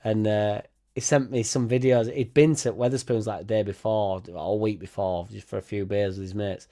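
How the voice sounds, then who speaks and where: A man's voice: lowish voice, fairly even intonation, moderate pace, mellow. A young man hosting a casual fan livestream, laughing often, swearing freely and rambling as he reacts and thanks viewers. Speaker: fan channel host.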